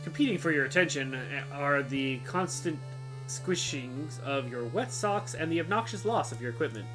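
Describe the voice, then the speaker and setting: Lady streamer reading game text out loud, low voice, swoopy, playful, game music behind. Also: lively intonation, normal speed. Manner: playful, jokey asides.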